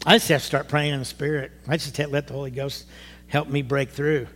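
A middle-aged man preaching a sermon to his church, animated, rising to emphatic bursts. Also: mid-range voice, fast talker, slight background noise. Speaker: pastor. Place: church sanctuary. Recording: long hall reverb.

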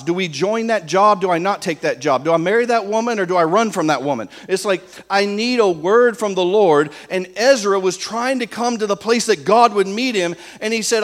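A man preaching a sermon, emphatic and full of rhetorical questions for the congregation, slowing down to stress key lines. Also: high voice.

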